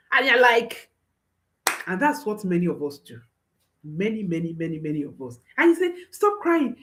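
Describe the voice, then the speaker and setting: Slow, lively-voiced woman parenting coach. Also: medium pitch. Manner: emphatic, repeats phrases, checks in with "hmm?". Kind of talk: advice talk to viewers.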